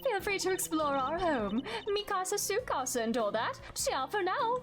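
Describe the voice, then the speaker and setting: A woman's voice: extremely high pitch, very animated, normal speed, fairly bright tone, soft background music, voice pushed up, full character voice. A woman voicing a flamboyant, snobby rich female prison warden in a video game, with an affected posh drawl sprinkled with French words. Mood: gushing.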